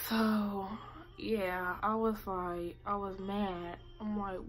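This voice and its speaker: A woman's voice: mid-range voice, slow. A teenage girl tells a storytime vlog straight to camera. She swears freely and acts out both sides of each exchange, her voice sitting mid-range for a young woman. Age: late teens. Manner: profane, animated storytelling with quoted asides. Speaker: vlogger. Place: indoor room by natural light.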